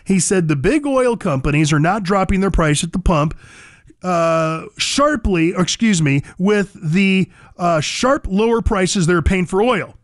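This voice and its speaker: A man's voice: sits high, animated, a little slow, no echo, clean studio sound. A man hosting a talk radio show, delivering an emphatic, fired-up opinion monologue and repeating phrases for punch.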